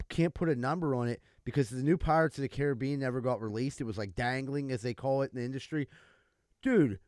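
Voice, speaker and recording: A man's voice: on the high side, a little mellow, dry recording. Young male co-host, chatty and filler-heavy, dry close mic. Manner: filler-heavy, says "like" a lot. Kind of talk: casual chat.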